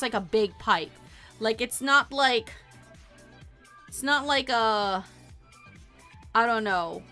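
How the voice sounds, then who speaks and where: A young woman streamer chatting casually on a livestream, telling a rambling, animated story and laughing often. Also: high voice.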